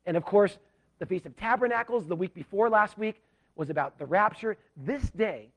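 A pastor from Southern California telling a self-deprecating story in a sermon, animated and full of restarts. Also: male voice, high-pitched, normal speed. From Southern California, USA.

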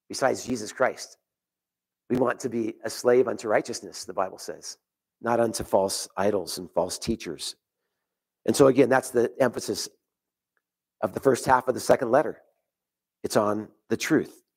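Man, pastor, sermon, slightly high voice, earnest, reading scripture. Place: church.

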